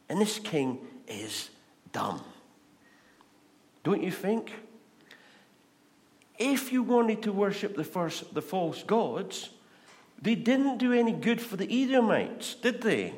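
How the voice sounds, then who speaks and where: A man with a Scottish accent preaching a sermon, animated and asking the congregation rhetorical questions. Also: a little high, measured pace. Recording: long reverb of a large hall.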